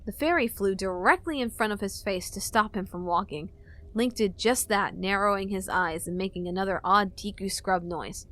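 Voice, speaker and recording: A woman reading fan-fiction narration for an audiobook in a steady storytelling manner. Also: medium pitch, normal speed.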